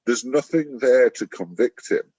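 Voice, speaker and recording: A husky-voiced man discussing scripture casually, wandering through his points and breaking into animated quoted voices. The recording is dry and a little dull, with the rough edges of a lo-fi mic. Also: unhurried, no room sound. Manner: rambling, acts out quotes with sudden high pitch. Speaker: church discussion partner. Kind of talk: conversational Bible discussion. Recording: dull lo-fi sound.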